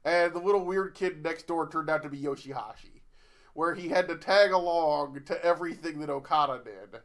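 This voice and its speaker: A man's voice: fairly high pitch, fairly bright tone. A man with a slightly raised voice, chatting casually as a podcast co-host. He rambles and halts, breaking off and restarting his sentences as he goes. It sounds loose and unscripted. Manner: rambling, halting, self-interrupting.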